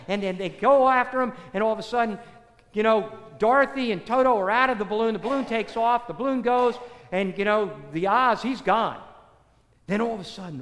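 A man preaching a sermon in an animated way, asking rhetorical questions and repeating phrases for effect. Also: very high-pitched. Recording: echoey hall, long reverb.

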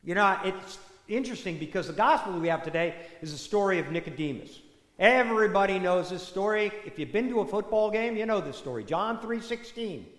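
A parish priest giving a sermon in a church, telling the story in a conversational, animated way with many asides. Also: male voice, high voice, a little fast. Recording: echoey church hall reverb.

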